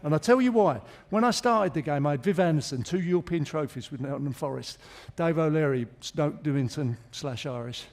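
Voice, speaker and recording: A man's voice: a little high, brisk, few pauses. A middle-aged man as a guest in a live on-stage interview, telling jokey anecdotes with chuckles. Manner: chatty anecdotal storyteller, jokes and chuckles. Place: theatre stage.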